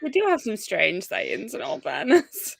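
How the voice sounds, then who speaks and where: Chatty yorkshire woman hosting a video call, mid pitch, dry close sound, laughs a lot. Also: huge pitch swings, unhurried, vocal fry, breathy edge, dry recording. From Sheffield, Yorkshire. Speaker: reading sprint host. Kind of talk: casual group video chat.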